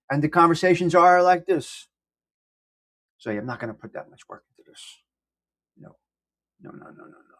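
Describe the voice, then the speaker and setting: A man hosting a casual live-stream coffee chat, rambling and self-deprecating as he greets viewers by name. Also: fairly high pitch. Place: indoors at home.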